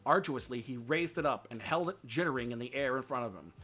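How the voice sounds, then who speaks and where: A man reading a book aloud on a live stream, with expressive pacing and dramatic pauses. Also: mid-range voice, breathy edge.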